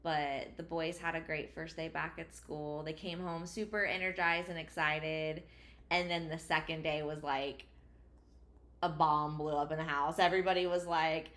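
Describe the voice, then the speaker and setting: Woman in her thirties, podcast co-host, casual chat, slightly low voice, laughs easily. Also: flat delivery, moderate pace, fairly bright tone.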